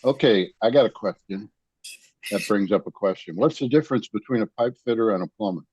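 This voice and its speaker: A man's voice: fairly low pitch, fairly quick, a little mellow, husky, no echo. A married man chatting casually and laughing easily on a video call. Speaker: meeting participant. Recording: dry, muffled video call audio.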